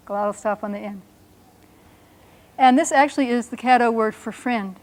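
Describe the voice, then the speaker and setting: A woman teaching a language lesson, explaining patiently and sounding out words slowly and carefully. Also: a little high.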